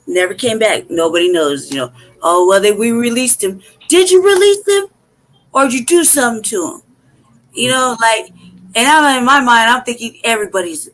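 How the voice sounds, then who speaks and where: A woman's voice: a little high, fairly bright tone, rough recording. A woman hosting an online show, telling a story in casual, emphatic and profane talk, with strings of rhetorical questions. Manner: asks rhetorical questions in rapid runs. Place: live online stream from home.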